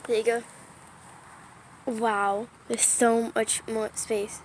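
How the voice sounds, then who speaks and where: Young woman vlogger, slow and high-voiced, chatty and apologetic, filmed on a phone by a window, faint ambience. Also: little pitch movement, a little hiss or hum. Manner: chatty, apologetic, often dropping to a whisper. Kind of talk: casual vlog narration. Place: indoors by a window during a storm. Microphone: phone or tablet camera.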